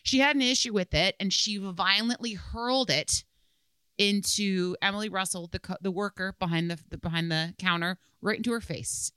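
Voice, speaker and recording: A woman's voice: medium pitch, moderate pace, bright, forceful tone, smooth, no echo. A young adult woman co-hosting a podcast in casual chat, laughing often and repeating words as she thinks. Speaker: podcast co-host.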